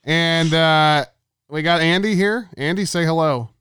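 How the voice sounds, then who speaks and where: A man's voice: fairly high pitch, unhurried, fairly bright tone, a little hiss or hum. A man hosting a podcast in loose, profane casual chat, laughing often. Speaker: podcast host.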